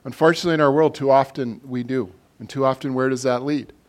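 A man's voice: mid-range voice, fairly even intonation, fast. A man preaching a casual sermon to a congregation, talking in a loose, conversational way full of fillers and restarts.

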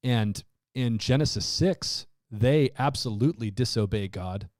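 A man in a casual Bible discussion, a lively storyteller who acts out the lines he quotes. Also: mid-range voice, measured pace, no echo, clean studio sound.

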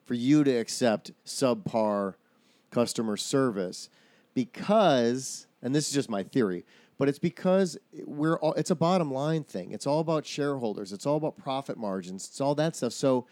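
A man's voice: medium pitch, lively intonation, moderate pace, darkish tone, no room sound. A man in casual chat, talking through his own theories at length, often restarting his sentences.

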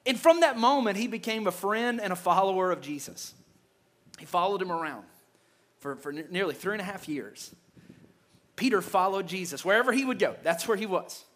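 A man's voice: high-pitched, lively intonation, normal speed, fairly bright tone. A male pastor preaching a sermon emphatically, often stammering and repeating words as he builds a point.

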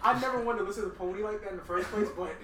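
A woman co-hosting a casual chat, loud and joking, laughing often. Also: mid-range voice, very fast. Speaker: podcast co-host. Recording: roomy, distant, noisy room mic.

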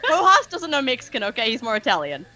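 A woman with a fairly high voice that swoops around a lot reads a menu aloud in a casual group. She keeps it playful and giggly, joking between items. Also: wildly swooping pitch, quick pace, heavy background noise.

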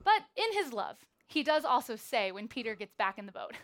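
A woman preaching a sermon in a church, telling a Bible story in a lively, playful way. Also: a little high, normal speed.

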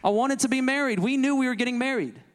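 A man's voice: extremely high pitch, fast talker, long reverb tail. A young adult man preaching a sermon as pastor, impassioned and rising to fervent pleading.

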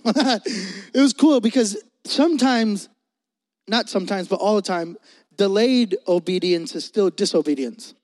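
A young man from Puerto Rico preaching a lively sermon with a high, bright voice. He is loud and playful, cracking jokes and calling out to the crowd between points. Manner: loud, joking, talks fast to the crowd. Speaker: pastor. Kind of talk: energetic youth sermon.

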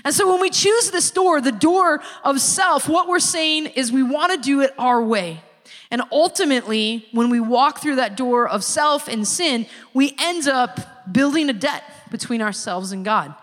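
A woman giving a sermon-style personal testimony, a lively storyteller who acts out the people she quotes. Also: high voice, measured pace. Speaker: speaker giving a church testimony. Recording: long reverb of a large hall.

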